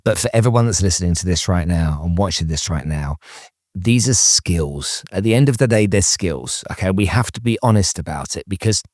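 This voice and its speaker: A man's voice: deep voice, animated, a little fast, a little mellow, dry recording, clean studio sound. A man hosting an interview podcast, talking emphatically with many restarts and checking in with "okay?". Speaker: podcast host. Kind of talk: casual interview chat.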